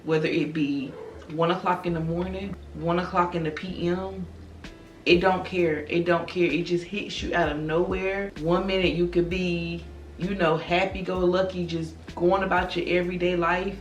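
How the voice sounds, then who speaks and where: A grieving woman in her thirties speaks slowly in a low, subdued voice, confiding in her viewers. She sits back from the microphone in a roomy space, and faint music plays underneath. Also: little pitch movement, recorded from a distance, muffled recording, slight background noise. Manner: slow, soft-spoken, confiding, calls listeners girl and y'all. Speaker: vlogger. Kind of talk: personal direct-to-camera talk.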